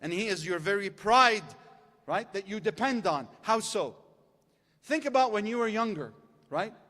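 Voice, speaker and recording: A man giving a lively sermon to a gathered audience, building intensity through numbered lists and calling for responses. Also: high voice, normal speed. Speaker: religious lecturer. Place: large hall with long reverb. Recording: reverberant hall.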